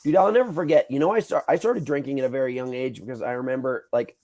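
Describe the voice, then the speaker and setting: A man in his thirties hosting a podcast, telling stories in a casual, animated way, swearing freely and acting out what people said. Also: medium pitch, fast. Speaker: podcast host. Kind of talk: casual storytelling chat.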